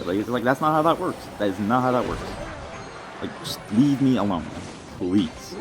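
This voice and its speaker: A young Canadian vlogger delivers a rambling, mock-serious comedic rant addressed to the wind, full of fillers. His medium-pitched voice has lively intonation at normal speed, with music playing underneath.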